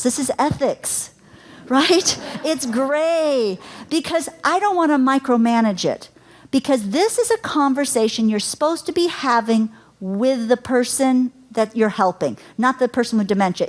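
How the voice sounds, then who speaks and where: A middle-aged woman teaching a caregiving workshop to a live audience, chatty, laughing easily and asking the room questions. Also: on the high side. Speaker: caregiving educator.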